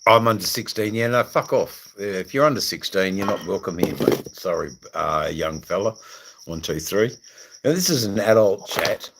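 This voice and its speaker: Middle-aged Aussie livestream host, crude and jokey, drawling slowly over a faint night-insect hum. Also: male voice, fairly low pitch. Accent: Australian. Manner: rambling, crude and jokey, many fillers. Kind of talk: casual livestream chat reading viewer comments.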